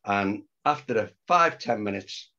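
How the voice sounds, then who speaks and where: A man's voice: fairly low pitch, measured pace. An older man telling a story in a casual interview, acting out what people said and laughing as he goes. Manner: animated, acts out quotes, laughs often. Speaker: storyteller guest. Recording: muffled lo-fi sound.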